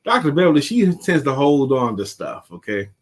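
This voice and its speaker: A man's voice: mid-range voice, normal speed. A middle-aged man co-hosting a casual chat show, teasing and joking with his co-host. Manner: playful teasing, animated. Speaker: podcast co-host.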